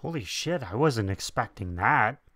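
A man's voice: medium pitch, expressive, normal speed, pushed and bright, no room sound, clean studio sound. A man hosting a reaction video, talking casually and hesitantly, with many fillers and restarts. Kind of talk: casual first-time reaction commentary.

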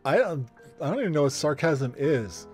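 A man's voice: a little high, big pitch swings, normal speed, faint music behind. A man voicing a naive young male adventurer who rambles and hesitates, in tabletop role-play. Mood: earnest. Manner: hesitant, rambling, full of fillers.

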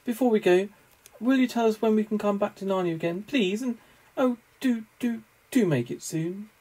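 A man voicing a young girl who pleads tearfully, her husky voice pushed high with a catch in it. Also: moderate pace, a little mellow, poor audio. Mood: pleading.

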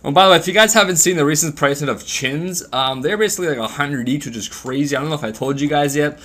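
A man's voice: a little high, fast, sharp tone. A man giving casual, rambling gameplay commentary to his viewers, swearing freely as he plays. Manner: rambling, profane, talks to viewers while playing. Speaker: gaming channel host.

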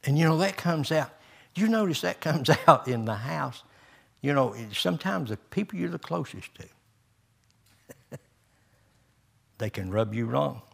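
A man's voice: fairly high pitch, animated, unhurried, gravelly, pauses often, a bit bright, breathy edge. An older man, a pastor preaching a folksy sermon with homespun stories, chuckles and rising emphasis.

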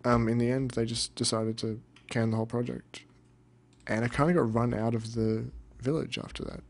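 Gravelly young man rambling while gaming. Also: mid-range voice, moderate pace. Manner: rambling, deadpan, swears. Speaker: gamer. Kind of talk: casual let's-play commentary.

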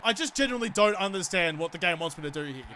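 An Australian man narrates his football video game in a very high, bright and sharp voice. He fumes and curses at his players, then slips into mock-polite sarcasm. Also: lively intonation, quick pace. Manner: exasperated, swearing rants at the game. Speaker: gaming YouTuber. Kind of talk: let's play commentary.

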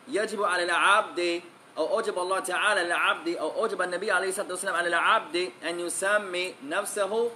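A man's voice: high voice, bright, forceful tone. Male religious teacher, emphatic and repetitive, faint background noise. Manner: emphatic, repeats key phrases; switches between English and Arabic recitation. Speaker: Islamic teacher. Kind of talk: religious lesson.

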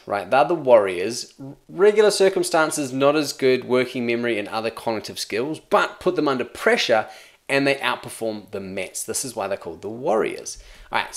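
A man with an Australian accent giving a chatty, upbeat video lesson on psychology, explaining terms casually and joking along the way. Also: medium pitch. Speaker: psychology teacher.

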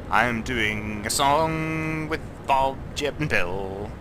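A Scottish man, drunk, giving rambling, excitable let's play commentary as a gaming channel host and swearing a lot. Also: mid-range voice, drawn-out words, hardly any pauses, noisy background.

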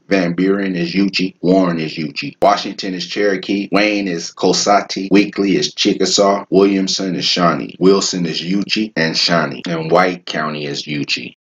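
A man's voice: low voice, a bit bright, husky, rough recording. A man hosting his channel, reading aloud from a text and commenting over a map, then steadily reading a long list county by county. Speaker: channel host.

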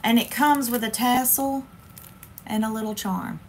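A woman's voice: fairly high pitch, unhurried, slight background noise. Chatty woman hosting a crafting livestream. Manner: chatty and playful, talks straight to viewers. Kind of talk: casual livestream chat.

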